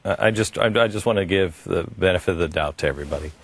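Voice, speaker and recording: A man's voice: sits low, racing, a little hiss or hum. A man hosting a radio interview, talking earnestly with many halts and restarts. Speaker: radio talk host.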